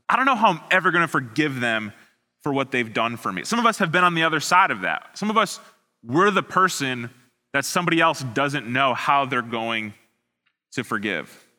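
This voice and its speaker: Student pastor, thirties, man; very bright, forward tone; easygoing, joking sermon delivery with a long echo trailing each line. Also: medium pitch. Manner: casual, self-deprecating, frequent restarts. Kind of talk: online sermon. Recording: long hall reverb.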